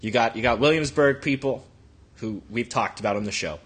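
A man's voice: medium pitch, a little fast, a bit bright, husky. A man co-hosting a podcast, telling a rambling, profane anecdote in casual chat. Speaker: podcast co-host.

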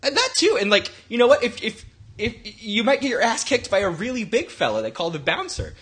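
Man, podcast co-host, bright husky voice, rambling swearing storyteller. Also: high voice, very animated, a little fast. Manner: rambling, profane anecdote-telling.

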